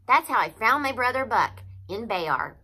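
A woman reads a novel aloud with expressive, lively storytelling. Her tone is bright and crisp. She sounds like a teacher who stops now and then to name a figure of speech. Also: a little high, slight background noise, poor audio.

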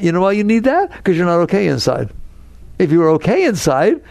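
Male spiritual teacher giving an inspirational talk, gravelly and slightly high, swoops around a lot, acts out worried voices. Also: fairly quick, no room sound. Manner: animated, acts out neurotic inner voices.

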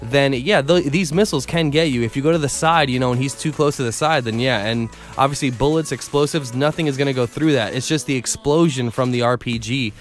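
A man's voice: medium pitch, a little fast, hardly any pauses. Man, gaming channel voice-over, rambling, laid-back, fillers, faint background music. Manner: chatty, rambling with fillers, laughs at himself. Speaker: gaming YouTuber. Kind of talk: casual game tutorial voice-over.

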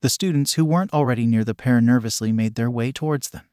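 A man's voice: medium pitch, fast, a little mellow, no room sound, clean studio sound. A man steadily reading a fan story aloud as narrator.

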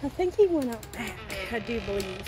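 A woman chatting casually to camera at home, rambling with soft laughs, a bit out of breath. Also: a little high, very animated, normal speed, a crowd in the background. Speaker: vlogger. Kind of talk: casual home vlog chat. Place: home, indoors and outdoors.

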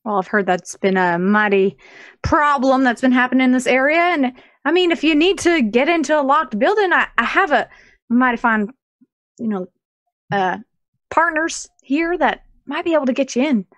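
A woman's voice: high voice, expressive, normal speed, a bit bright, dry recording. A woman playing in a tabletop game, speaking in character with a folksy, polite drawl. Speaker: player. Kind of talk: in-character tabletop role-play.

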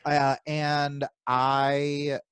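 A man from New Jersey co-hosting a podcast, telling animated stories with plenty of swearing and acting out his own inner voice. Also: on the high side, extremely slow, clean tone, no echo. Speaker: podcast co-host. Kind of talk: casual chat.

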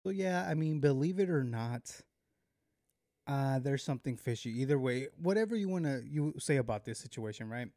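A man hosts a casual vlog, talking straight to his viewers with lots of slang, swearing and quick chuckles. His voice is dark and mellow, recorded close and dry with no room sound. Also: mid-range voice, dry recording. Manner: animated, slangy, swears, chuckles often, calls viewers "bro". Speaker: vlog host.

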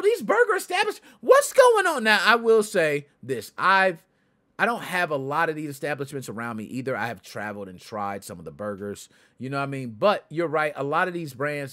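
A male podcast host talking casually to his viewers in a fairly high voice. His pitch swings widely and his manner is chatty and lively. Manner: chatty, addresses viewers directly, answers chat. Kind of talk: casual livestream chat.

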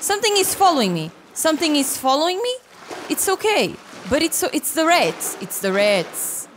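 Woman, 20s, gaming creator: high and animated, reactive and sweary, game music behind. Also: normal speed, slight background noise. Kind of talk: let's play commentary.

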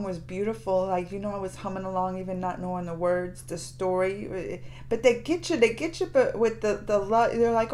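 A woman's voice: medium pitch, darkish tone. A woman hosting a reaction video, talking emotionally and exclaiming at what she watches. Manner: emotional, exclaiming, gasping and laughing. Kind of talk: casual reaction commentary.

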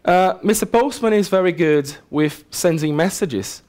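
A man giving a casual, lively technical talk at a conference, often checking in with the audience. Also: high-pitched, unhurried. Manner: casual, animated explaining with asides to the audience. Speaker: conference speaker. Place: conference hall.

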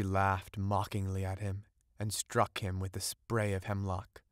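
A man narrating an audiobook of a fairy tale in a measured storytelling manner. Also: sits low, completely flat delivery, no echo, studio quality.

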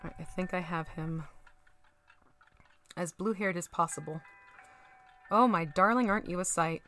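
Bright, playful woman with a Southern American accent, chatting to viewers while she paints, soft music underneath. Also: lowish voice, steady tone, moderate pace. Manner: chatty, giggly, talks to chat while painting. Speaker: miniature painting streamer. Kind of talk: casual live-stream chat with viewers. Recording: faint background music.

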